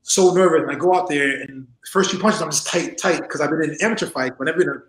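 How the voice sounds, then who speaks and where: A man in his forties with a somewhat high voice tells his stories in a loose, animated way, laughing often and slipping into the voices of the people he describes. He talks from a home room over a video call, and the sound echoes around the room. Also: fast talker. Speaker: interview guest. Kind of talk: casual storytelling in an interview.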